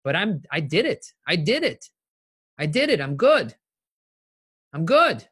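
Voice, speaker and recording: Middle-aged male motivational speaker on a live video call, high-set voice, repeats himself for emphasis. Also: big pitch swings, unhurried, pauses often, fairly bright tone, breathy edge, no room sound, studio quality. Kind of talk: live-streamed motivational talk answering viewer questions.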